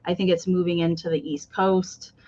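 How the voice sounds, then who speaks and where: A woman's voice: on the low side, flat delivery, normal speed, a little mellow, lo-fi sound. A woman hosting a live online sale, chatting casually and greeting viewers one by one. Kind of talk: casual livestream chat.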